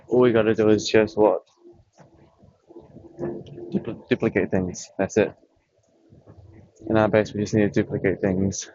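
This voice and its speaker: A man with a lowish voice chats about games while still catching his breath, rambling and thinking aloud with pauses. The audio is a bit dull and lo-fi. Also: a little mellow, a little hiss or hum. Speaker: vlogger. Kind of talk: casual chat about games.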